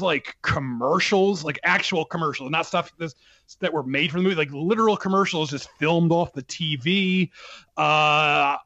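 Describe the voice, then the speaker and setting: A man in a casual film talk, speaking with excited emphasis and frequent laughter. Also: fairly high pitch, dry recording, muffled recording. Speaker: film podcast co-host. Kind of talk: casual chat.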